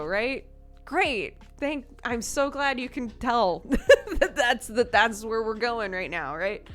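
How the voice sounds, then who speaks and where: A woman's voice: a little high, lively intonation, takes it slowly, a bit bright, faint music behind. A woman in her thirties, a streamer chatting casually and candidly, swearing freely and laughing often. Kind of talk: casual chat.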